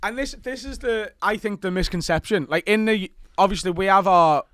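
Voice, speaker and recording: A man's voice: high voice, normal speed, a bit bright, no room sound, clean studio sound. A man from Liverpool with a Liverpool accent, a comedian guest on a podcast, telling stories in a laid-back, wry way. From Liverpool, England. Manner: laid-back, wry storytelling with stammered restarts. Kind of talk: casual comedy podcast chat.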